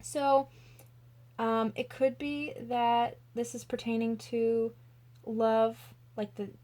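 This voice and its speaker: A young woman with a fairly high voice gives a casual tarot reading. She gushes with emotion and fills her talk with "like." She sounds young and enthusiastic. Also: flat delivery, takes it slowly, mellow. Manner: gushing, emotional, lots of "like" fillers. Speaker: tarot reader.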